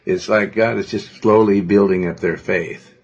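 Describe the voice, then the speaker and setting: Male pastor, deep gravelly voice, domineering and rambling, husky tone, lo-fi recording. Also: fairly even intonation, normal speed. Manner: domineering, rambling, with many fillers. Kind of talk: sermon. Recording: dull lo-fi recording.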